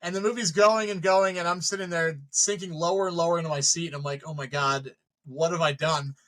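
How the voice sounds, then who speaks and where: A filmmaker being interviewed tells his stories with real animation and swears freely, acting out his own reactions as he goes. His voice sits a little high and rings bright. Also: fairly even intonation, a little fast, low-quality recording. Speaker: filmmaker guest. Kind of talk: casual storytelling.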